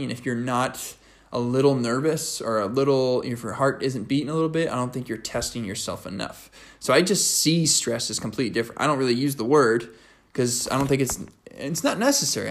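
Upbeat young man rambling casually. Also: medium pitch. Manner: energetic, rambling, many "like" fillers. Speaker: podcast host. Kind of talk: casual motivational monologue.

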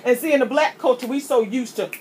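A woman's voice: high voice, fast, darkish tone. A woman preaches a sermon. She speaks with fervor and stacks up repeated words as she drives her points home. A faint noise floor sits behind her. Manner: impassioned, preachy, repeats words when starting a thought.

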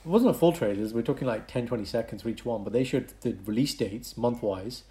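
A man co-hosting a casual podcast chat, animated, swinging between loud bursts and quieter asides. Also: medium pitch, quick pace. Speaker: podcast co-host.

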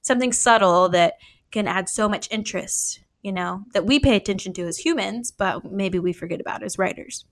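A woman's voice: mid-range voice, normal speed. A woman guest on a podcast, a writer, talking casually and explaining her ideas at length.

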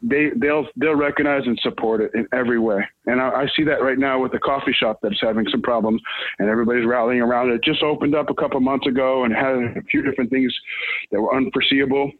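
A man's voice: medium pitch, fast talker, slightly rough, no room sound. A man from Brooklyn, telling rambling stories in a casual chat, restarting his sentences often. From Brooklyn, New York. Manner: rambling, animated storyteller with many restarts. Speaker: guest. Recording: tinny phone-like line, dry.

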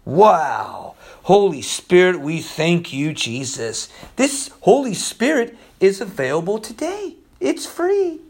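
A man preaching an excitable Bible-study sermon, exclaiming and laughing, slangy, swinging between hushed awe and loud outbursts. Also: high voice, takes it slowly, few pauses, husky.

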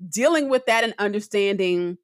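A middle-aged woman co-hosting a podcast in casual conversation, expressive, with her voice rising when she gets excited. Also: mid-range voice, moderate pace, no echo, clean studio sound. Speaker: podcast co-host.

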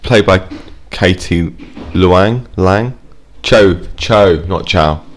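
A man's voice: low-pitched, extremely slow. A man co-hosting a podcast, chatting loosely and crudely with plenty of swearing. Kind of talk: casual chat.

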